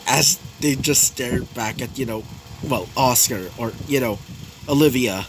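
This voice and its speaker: A man's voice: medium pitch, a little slow, background noise. A young man improvising a fan story, rambling with many fillers and self-corrections. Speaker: story narrator.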